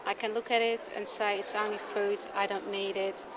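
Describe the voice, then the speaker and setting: Measured woman giving a testimonial. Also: medium pitch, flat delivery. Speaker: testimonial speaker. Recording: clear background noise.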